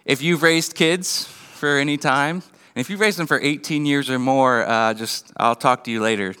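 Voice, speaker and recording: A man in his thirties preaches in a relaxed, joking way, slipping into little acted-out scenes. His voice is bright and crisp, a touch high for a man. It rings with a long reverb, as in a church hall. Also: normal speed. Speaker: pastor. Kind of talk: sermon.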